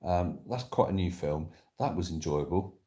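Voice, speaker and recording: Low-voiced man chatting casually on a live stream. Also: expressive, normal speed, warm tone. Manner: rambling, reads viewers' comments aloud and answers them. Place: sofa indoors at home.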